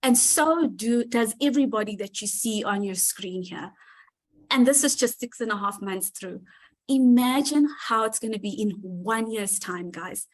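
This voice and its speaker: A woman's voice: mid-range voice, poor audio. A woman speaking to her online community on a call, heartfelt and gushing, close to tears. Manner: heartfelt, gushing, thanks people by name. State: near tears. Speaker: community leader presenting to members. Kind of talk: emotional speech on a live community call.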